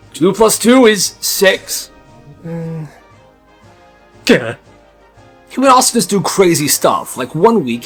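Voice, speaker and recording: A young man tells stories in a bouncy, chatty way, his voice swinging up and down with energy. He laughs as he goes and slips into the characters' voices. His tone is slightly breathy over faint background music. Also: on the high side, a bit bright. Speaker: storyteller. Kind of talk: animated storytime narration.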